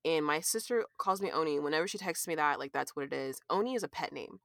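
Woman guest w a really low voice, animated, swears a lot, says like constantly, dry close sound. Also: quick pace, creaky, no room sound. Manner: animated storyteller, swears, many "like"s. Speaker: guest artist. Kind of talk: casual podcast chat.

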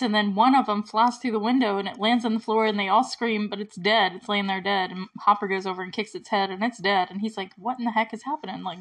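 A woman's voice: on the high side, a bit bright, rough recording. Woman podcast host, casual recap chat, giggly and chatty. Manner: giggly, chatty, retells scenes with quick quotes.

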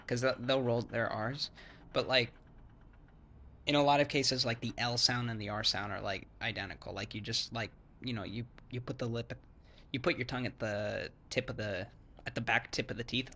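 Medium in pitch with a sharp tone, a man speaks at a moderate pace while casually explaining Thai sounds. The English-speaking foreigner rambles, leans on fillers and "like," restarts often, and acts out the sounds.

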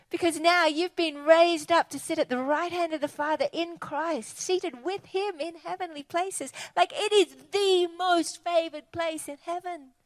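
High-voiced woman preaching. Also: no room sound. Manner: animated, conversational, enthusiastic. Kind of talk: sermon.

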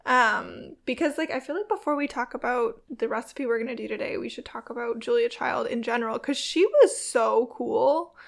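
Young woman cohost, lots of vocal fry, excited and chatty. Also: fairly high pitch, moderate pace, hardly any pauses. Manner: enthusiastic, filler-heavy chat. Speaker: co-host. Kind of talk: casual chat.

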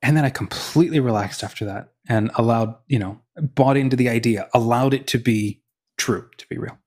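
Male podcast co-host, mid-pitched, casual storyteller who acts out quotes. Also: brisk, a little mellow, slightly rough. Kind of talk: casual conversation on faith.

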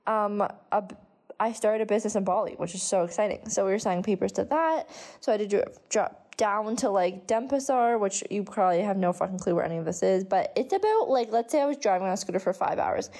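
A woman's voice: medium pitch, darkish tone. A young woman telling a casual storytime vlog, chatty, with frequent swearing and many fillers. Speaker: vlogger.

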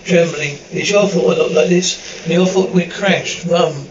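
A man with a notably high voice performs a horror audio drama. He switches dramatically from one character's voice to the next. The recording sounds dull and lo-fi, with faint hiss underneath. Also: steady tone, measured pace, hardly any pauses, echoey room.

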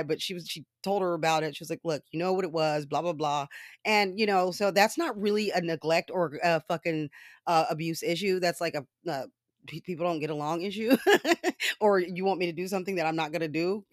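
A woman telling a story in casual commentary style, animated and often laughing, with profane asides. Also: lowish voice, no room sound, clean studio sound.

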